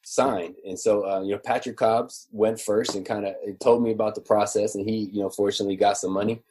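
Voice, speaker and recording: A man in his forties, a former football player, telling stories in a relaxed, chatty way with many fillers. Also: fairly low pitch, fairly quick, a little hiss or hum. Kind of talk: casual storytelling interview.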